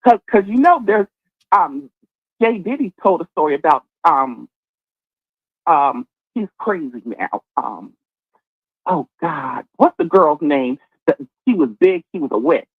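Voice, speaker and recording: A caller in a casual chat, rambling and halting, full of fillers. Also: mid-range voice, sing-song, husky, no echo, narrow, tinny audio.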